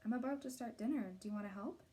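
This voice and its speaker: A woman's voice: a little high, fast talker, dark tone, voice pushed up, close to an everyday voice. A caring mother, as a woman reader puts her on. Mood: gentle. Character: caring protective adult mother, warm and firm.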